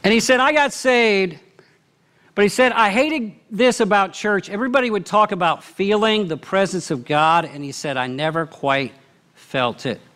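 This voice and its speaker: Earnest higher-voiced pastor preaching. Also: male voice, normal speed. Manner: earnest storytelling, wide swings between animated and hushed. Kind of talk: sermon. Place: church auditorium.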